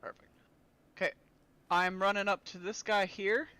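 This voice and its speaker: High-pitched, cheerful male player. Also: little pitch movement, moderate pace, pushed and bright, clear, resonant tone. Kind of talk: casual tabletop play.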